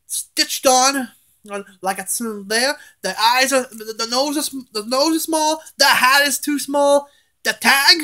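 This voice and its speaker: Guy ranting on his vlog at home, mad and cussing, talks slow, stammers a lot. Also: very high-pitched, pushed and bright. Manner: angry, swearing, stammering restarts. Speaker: vlogger. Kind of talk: casual vlog rant. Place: at home, indoors.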